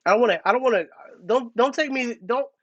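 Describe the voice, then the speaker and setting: A man's voice: very high-pitched, fast talker, no echo, highs cut off. A man hosting a casual live-stream sports talk, chatty and thinking aloud with restarts. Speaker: podcast host.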